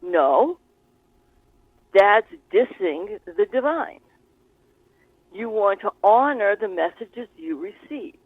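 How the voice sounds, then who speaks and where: A woman's voice: medium pitch, dry recording. A woman guest and spiritual author, explaining her ideas in an earnest, expansive conversational way, with plenty of examples. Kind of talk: conversational teaching. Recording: tinny phone-like call line.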